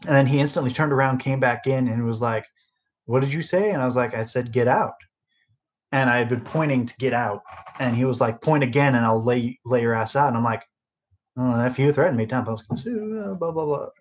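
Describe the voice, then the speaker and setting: Speaking briskly and with a steady tone, a young man in a mid-range voice hosts his podcast from his bedroom, phone on the end table, so the highs are cut off. He is sleep deprived and his work story wanders, heavy on fillers and tangents.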